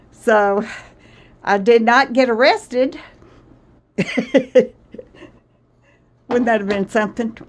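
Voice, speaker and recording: A woman's voice: a little high, steady tone, slow pace, pauses often. A woman chatting to her viewers in a vlog from her country cottage kitchen, rambling and laughing often, a little out of breath. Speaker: vlogger. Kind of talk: casual chat to viewers.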